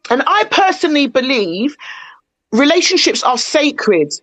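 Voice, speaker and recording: A chatty woman with a fairly high voice talks through her opinions in a relaxed podcast conversation. She is animated and emphatic, and she often slips into quick, lively retellings. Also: rough recording. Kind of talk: casual chat.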